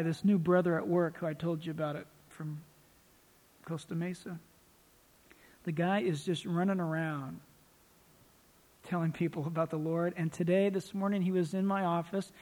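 A male pastor preaching a sermon in a lively storytelling manner, acting out the people he quotes. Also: fairly high pitch. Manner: animated storytelling, acts out quoted voices. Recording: long hall reverb.

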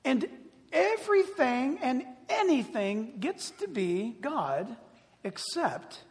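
Slow-talking pastor man, high voice. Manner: animated storytelling, breaks into laughter. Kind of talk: sermon. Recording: long hall reverb.

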